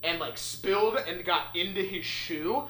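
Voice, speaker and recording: Young man, animated storyteller, bright forceful voice, echoey room. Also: high voice, unhurried. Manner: animated, swearing, acts out voices. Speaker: podcast host. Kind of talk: casual storytelling. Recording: echoey room with faint noise.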